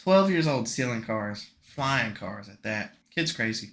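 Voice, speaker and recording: A man's voice: fairly low pitch, lively intonation, measured pace, fairly bright tone, a little hiss or hum. A young man co-hosting a podcast in casual chat, joking and rambling, laughing often. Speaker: podcast co-host.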